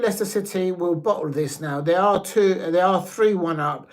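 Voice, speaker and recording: A man hosting a live football watch-along, rambling excitably and stumbling over his words as he gives predictions. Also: high voice, normal speed. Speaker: football fan channel host.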